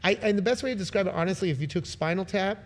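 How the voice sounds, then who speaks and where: A middle-aged man from Brooklyn, a musician and podcast guest, telling stories in a lively, joking way. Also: high-pitched, very fast. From Brooklyn, New York. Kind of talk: casual interview chat.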